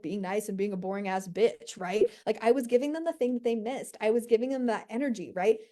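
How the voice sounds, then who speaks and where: A woman with a slightly high voice delivers a brash, high-energy coaching monologue. She swears freely and keeps checking in with her listeners with "right?" and "okay?". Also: dark tone. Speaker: business coach. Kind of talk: motivational monologue.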